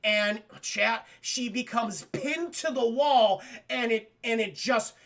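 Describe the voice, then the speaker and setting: Excitable, foul-mouthed male streamer. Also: extremely high pitch, slow. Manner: excitable, swears a lot, acts out scenes. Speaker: streamer film reviewer. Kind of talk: profane casual recap to stream chat.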